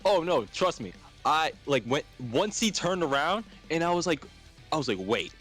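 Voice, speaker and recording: A young man hosting a casual chat, telling stories with animated acted-out shouts and quotes. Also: on the high side, moderate pace, faint music behind. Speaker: host.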